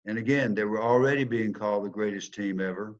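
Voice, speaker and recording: A man's voice: lowish voice, fast talker, muffled recording. Older Southern man telling a dramatic story. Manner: dramatic storyteller, swings from loud to hushed. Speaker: speaker telling a personal story. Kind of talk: storytelling talk.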